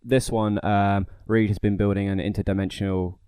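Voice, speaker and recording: A man co-hosting a casual film review chat, quick to nitpick plot holes. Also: on the low side, flat delivery, mellow, clean tone, dry recording, clean studio sound. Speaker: podcast co-host.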